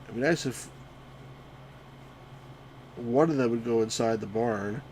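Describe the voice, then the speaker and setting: A man streaming a retro game live, commenting excitedly, shouting at the on-screen sheep and greeting chat viewers. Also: mid-range voice, unhurried, a little hiss or hum. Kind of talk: live let's-play commentary.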